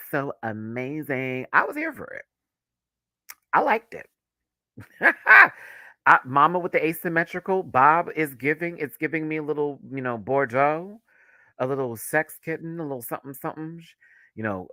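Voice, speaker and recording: Campy man with a lively, swooping voice. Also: no room sound, clean studio sound. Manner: animated, campy, laughs often, swoops high and low. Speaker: YouTube reviewer. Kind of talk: live review chat.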